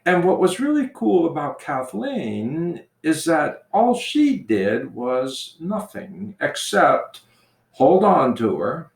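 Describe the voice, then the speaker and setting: A man who is a priest, telling a personal story slowly and gently in casual conversation. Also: fairly high pitch, sing-song, vocal fry. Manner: slow, gentle storytelling with restarts. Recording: echoey room.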